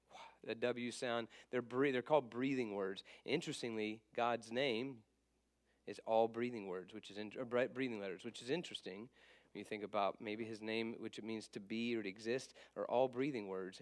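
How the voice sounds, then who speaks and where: A man teaching a church class in a loose, casual way, thinking aloud with many fillers and self-corrections, and sounding out letters slowly and repeating them. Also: medium pitch.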